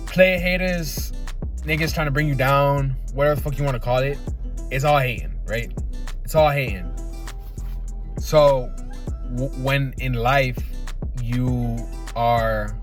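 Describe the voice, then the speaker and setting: A young man hosting a podcast, rambling casually in a profane, laid-back way, often laughing and tagging his thoughts with "right?". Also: medium pitch. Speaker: podcast host.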